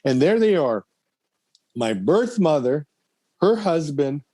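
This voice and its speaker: A man in his thirties, a podcast guest, telling a personal story in a casual, animated way and acting out the voices of the people in it. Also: fairly high pitch, slow pace, dry recording.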